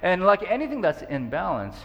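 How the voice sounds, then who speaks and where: A man's voice: high voice, wildly swooping pitch, fairly quick, in a large hall, lo-fi sound. A man preaching an earnest, conversational sermon, with frequent fillers and restarts. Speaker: pastor.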